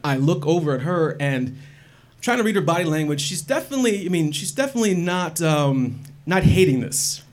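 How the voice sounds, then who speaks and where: A man telling a personal story in a wry, animated and profane way. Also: fairly high pitch, brisk. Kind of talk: personal story told to an audience.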